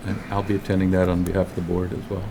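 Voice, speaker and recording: A board member at a town meeting, speaking in a halting, earnest way. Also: male voice, sits low, monotone, background noise. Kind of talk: meeting remarks.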